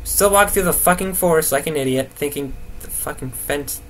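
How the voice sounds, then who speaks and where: A young man rambling nervously through horror game commentary, swearing and talking to himself to stay calm. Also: on the high side, moderate pace, slight background noise. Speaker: gaming video host.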